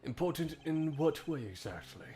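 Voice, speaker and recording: Dude voicing a calm formal prosecutor guy, dry and measured. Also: fairly high pitch, soft background music, lightly acted. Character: composed, formal male prosecutor. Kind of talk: game voice-over dub.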